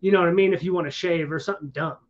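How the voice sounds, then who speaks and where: A man with a high voice tells a loose, rambling story in easygoing chat, full of slangy asides and restarts. His voice comes through a dull, lo-fi recording. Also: fairly even intonation, rapid-fire. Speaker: streamer. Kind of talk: casual storytelling to a listener. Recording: dull lo-fi sound.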